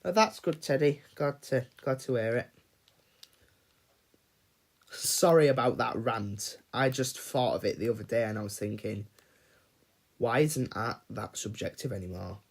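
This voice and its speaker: A man's voice: mid-range voice, a little slow, pauses often. Ranting man on a casual livestream. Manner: ranting, swears freely, chats with viewers in chat. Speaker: livestream host.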